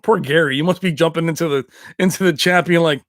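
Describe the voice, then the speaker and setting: A man's voice: on the high side, brisk, fairly bright tone, dry recording, clean studio sound. Tipsy, laughing man hosting a livestream. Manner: laughs often, slips into movie impressions; rambling, loose, tipsy. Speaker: tech livestream host. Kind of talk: casual livestream chat. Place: his own home.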